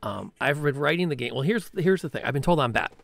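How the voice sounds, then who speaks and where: A man's voice: fairly high pitch, lively intonation, quick pace, vocal fry, no room sound. A man hosting a casual chat, a game master talking playfully about running his games. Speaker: podcast host and game master.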